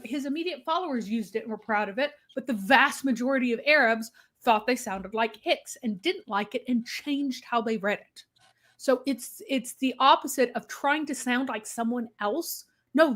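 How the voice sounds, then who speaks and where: Woman co-host, fairly high voice, emphatic explainer in casual live talk. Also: fairly bright tone. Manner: emphatic, explanatory, quick asides.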